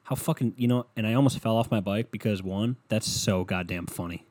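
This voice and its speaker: A young podcast host rants casually on his solo show, talking into a headset at home, rambling and swearing with self-mocking jokes. He speaks a little fast in a lowish, darkish voice, with no room sound.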